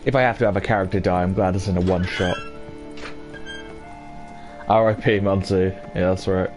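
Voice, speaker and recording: A man's voice: sits low, steady tone, normal speed, soft background music. A man giving casual gameplay commentary as a streamer, musing and asking himself questions as he plays. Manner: musing, self-questioning asides. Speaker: gaming streamer.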